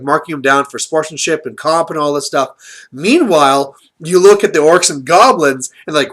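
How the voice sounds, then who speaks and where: A man's voice: a little high, moderate pace, a bit bright. A man hosting his channel, giving casual strategy commentary in a chatty way, with lots of fillers. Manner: chatty, filler-heavy, explaining tactics. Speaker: channel host.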